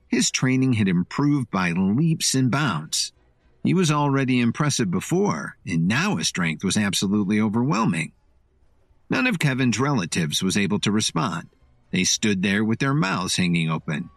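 Man narrating a story, low voice, lively expressive delivery, dry close sound. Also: no echo.

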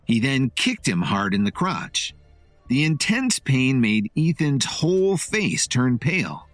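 A man's voice: medium pitch, big pitch swings, slow pace, fairly bright tone, dry recording, soft background music. A man giving dramatic storybook narration.

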